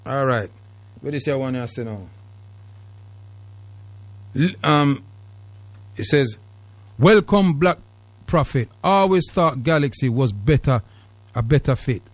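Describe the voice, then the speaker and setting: Slow and expressive, with long pauses, a mid-range male voice leads a call-in radio talk show in a forceful, preachy way. His British speech is strongly shaded by Jamaican Patois, recorded dry in a radio studio.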